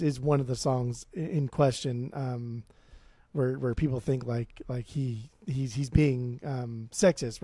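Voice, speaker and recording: A man's voice: medium pitch, mellow, dry recording. A young man co-hosting a podcast in casual chat. He rambles, swears a lot and fills his talk with "like". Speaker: podcast co-host.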